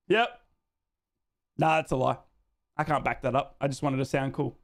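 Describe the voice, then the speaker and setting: A man's voice: medium pitch, moderate pace, pauses often. An Australian man hosting a live football watchalong, chatting casually and reading out fan comments. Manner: chatty, jokey, repeats himself, says "mate".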